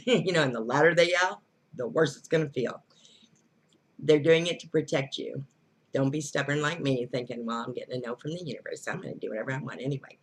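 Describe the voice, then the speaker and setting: A woman's voice: rumbling low, slightly rough. A woman giving casual spiritual advice, blunt and earthy, who swears freely and laughs often. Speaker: spiritual teacher.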